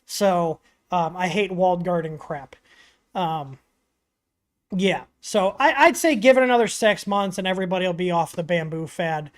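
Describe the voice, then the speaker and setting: A man's voice: high-pitched, normal speed. A man hosting a casual livestream Q&A, rambling with lots of fillers and blunt opinions. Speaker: livestream host answering 3D printing questions.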